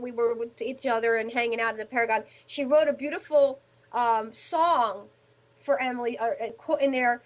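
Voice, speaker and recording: A high-voiced woman hosts a radio talk show and chats with her guest. She talks with eager enthusiasm. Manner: enthusiastic, chatty.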